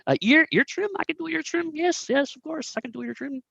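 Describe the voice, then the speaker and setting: A man's voice: very high voice, a little fast, vocal fry, fairly bright tone, no echo, lo-fi sound, pitched above the performer's own voice, full character voice. A man voicing a shady, fawning cat groomer who speaks in a thick, obviously fake accent with broken phrasing.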